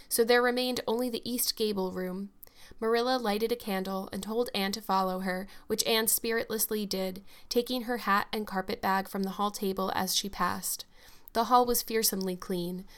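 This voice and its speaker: A woman reading a classic storybook aloud in a measured, even narration. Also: medium pitch. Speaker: audiobook narrator. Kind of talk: scripted narration.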